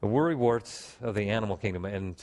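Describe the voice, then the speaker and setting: A man preaching a sermon to a congregation, animated, with emphatic rises and calls for response in a church. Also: fairly low pitch, a little fast. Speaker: pastor.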